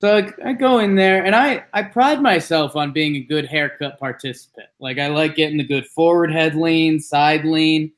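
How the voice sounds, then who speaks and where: A man chatting on a podcast, his voice sitting a little high for a man. He tells a meandering story, jumping up in pitch when he acts out what others said. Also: steady tone, moderate pace, few pauses. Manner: rambling storyteller, acts out quotes with jumps in pitch. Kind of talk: casual chat.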